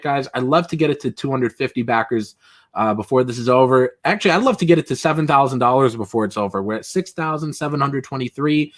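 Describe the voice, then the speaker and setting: A man hosting a casual livestream, rambling and chatty, full of fillers and chuckles. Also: a little high. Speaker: livestream host.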